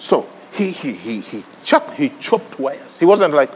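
A man preaches with a lively voice that leaps into sudden high exclamations and laughs. His sermon rings out through a large hall with a long reverb. Faint room ambience hangs behind him. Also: unhurried, slight background noise. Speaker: pastor.

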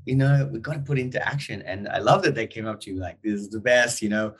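A man's voice: on the low side, fast, husky. A man hosting a podcast interview, reflecting casually and laughing through his words. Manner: lively, laughs while talking. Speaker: podcast host.

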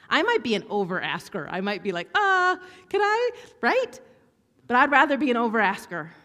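Animated woman preaching in a reverberant hall. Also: mid-range voice. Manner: animated storytelling, voice swings from hushed whispers to bright exclaiming. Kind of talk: sermon. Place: church stage.

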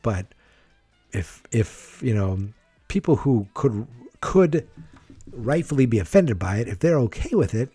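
A man's voice: mid-range voice, very animated, unhurried, warm tone, breathy edge, no echo, faint music behind. A man giving a rambling, frank solo commentary on wrestling, swearing freely and thinking aloud. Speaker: wrestling podcaster.

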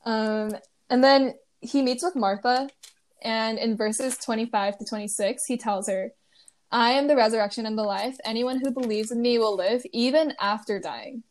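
A young woman with a slightly high voice walks through a Bible story in easy, casual talk. She keeps it plain and friendly and laughs softly at the odd parts. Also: fairly even intonation, moderate pace. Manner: retells scripture plainly with light laughs. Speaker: co-host retelling a Bible story. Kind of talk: casual Bible study chat.

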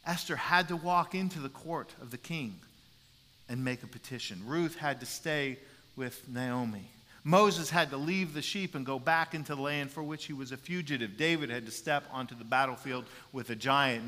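Animated pastor preaching in a reverberant hall. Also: male voice, mid-range voice. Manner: animated, acts out quotes, repeats words. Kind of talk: sermon. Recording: long reverb in a large hall.

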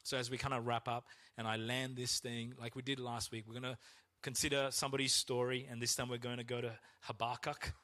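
A man preaching a sermon as pastor, acting out complaints to God in a raised, strained voice. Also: fairly quick. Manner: animated, acts out complaints to God in a high strained voice.

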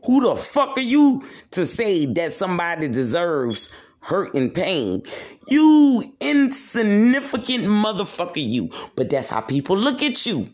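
A man rants alone on his podcast, in a voice a touch higher than most men's. He preaches at his listeners and curses constantly. He circles back to repeat each point. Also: sing-song, unhurried. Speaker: podcast host. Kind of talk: solo rant monologue.

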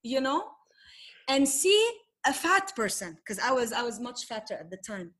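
A middle-aged Lebanese woman, a poet, telling her story in a candid interview, animated, swearing freely and mixing in Arabic phrases. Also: on the high side, normal speed, slightly rough. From Tripoli, Lebanon. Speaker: poet, guest.

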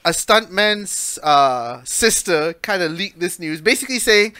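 A woman's voice: fairly low pitch, lively intonation, a little slow, bright, forceful tone, dry recording. A woman co-hosting a casual pop-culture chat, rambling in bursts and laughing often. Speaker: podcast co-host.

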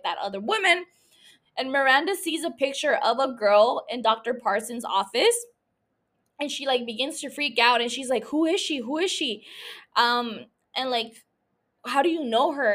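A woman's voice: a little high, a bit bright. A young woman hosting a podcast, casually recapping a movie plot in a chatty way, full of "like" and restarts. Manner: chatty, heavy use of filler "like", frequent restarts. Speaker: podcast host.

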